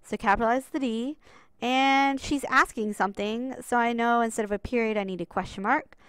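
A woman's voice: a little high, brisk, fairly bright tone, smooth, no echo. A woman teaching a recorded writing lesson over slides, in a chatty, upbeat way and talking straight to her students.

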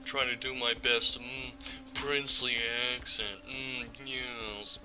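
A man's voice: mid-range voice, fairly even intonation, takes it slowly, bright, forceful tone, slight background noise. A man casually commenting while playing a video game, rambling and joking as he goes. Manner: offhand, rambling, jokey. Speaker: gameplay video host. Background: game music.

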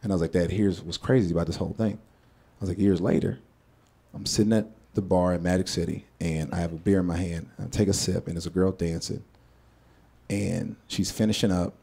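A man in his thirties telling a stand-up story on stage. He drops into hushed asides and bursts into loud, profane punchlines. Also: deep voice, steady tone, a little fast, creaky, slightly rough. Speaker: stand-up comedian. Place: comedy stage before a live audience.

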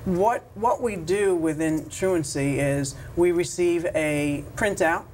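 A woman from New York who works as a truancy officer, answering interview questions in a measured way with many ums. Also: fairly low pitch, darkish tone, slight background noise. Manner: measured, many ums, slow careful phrasing. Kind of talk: interview guest.

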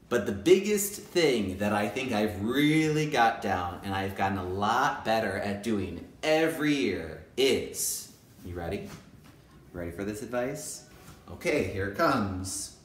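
A male kindergarten teacher talking straight to camera in a casual, animated way, repeating his points for emphasis. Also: lowish voice. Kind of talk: casual direct-to-camera talk. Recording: roomy echo.

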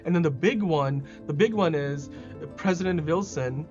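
Excitable rambling man on a podcast. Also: a little high, normal speed, over music. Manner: excitable, rambling with many fillers and restarts. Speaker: podcast host reviewing a TV episode. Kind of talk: casual conversational review. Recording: dull lo-fi podcast audio.

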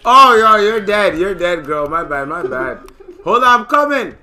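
A man casually commentating his gameplay, excitable and joking, with loud profane outbursts. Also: sits high, unhurried. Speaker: gamer and channel host.

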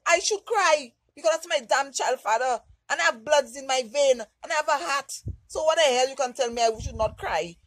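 A woman vlogging a storytime with raw, heartfelt candor. Her voice sits fairly high, and the Caribbean lilt colors every phrase. The sound is close and dry, with no room echo. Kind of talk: storytime vlog.

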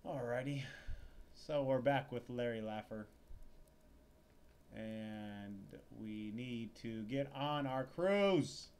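A man's voice: medium pitch, slow pace, a little mellow, clear, resonant tone. A man hosting a let's play, reading the game's narration aloud in a wry, playful way. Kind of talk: reading game text aloud with commentary.

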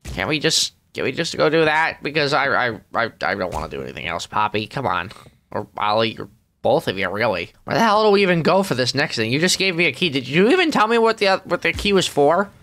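A man's voice: medium pitch, brisk. A man voicing a grumpy, weary middle-aged male squid, grumbling sarcastic commentary while playing a game. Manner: sarcastic, grumbling, deadpan asides. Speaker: let's play gamer. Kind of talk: character let's play commentary.

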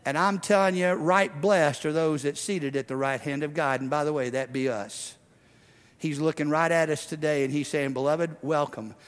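A male pastor preaching a sermon with passion, swinging between loud, driving declarations and hushed, intimate passages. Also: on the high side, moderate pace, smooth. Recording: long hall reverb.

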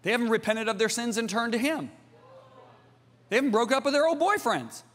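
A middle-aged man preaches with a fairly high voice in a lively, emphatic style, swinging from near-shouts to hushed asides. His pitch moves widely as he presses each point. The voice rings with a long reverb, as in a large church auditorium. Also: a little fast. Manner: animated, emphatic, jumps between loud and hushed. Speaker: pastor. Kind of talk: sermon.

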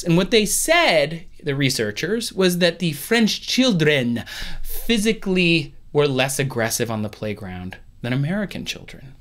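A man's voice: on the high side, a bit bright. A man hosting a science explainer video at home, talking casually with playful, jokey asides.

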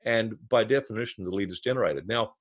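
Speaking at a fairly quick clip in a lowish voice, this man is a marketing consultant being interviewed as a guest. He explains his thinking by walking through an animated storytelling example one step at a time.

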